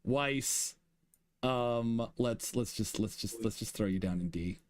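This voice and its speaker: A man's voice: mid-range voice, slow pace, no echo, studio quality. A man streaming and chatting casually with a friend, laughing often and rambling through restarts. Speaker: streamer ranking fan fiction chapters.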